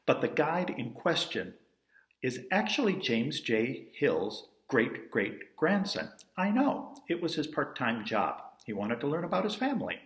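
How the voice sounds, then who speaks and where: Man, storytelling monologue, wry asides, lively pitch, roomy echo. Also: measured pace. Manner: wry, conversational, self-amused asides.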